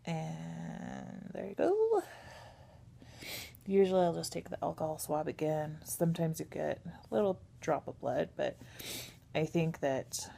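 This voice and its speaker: Female vlogger, thirties; lowish, slightly gravelly voice, hesitant and candid. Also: a little hiss or hum. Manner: hesitant, many ums, soft and candid. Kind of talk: casual personal vlog.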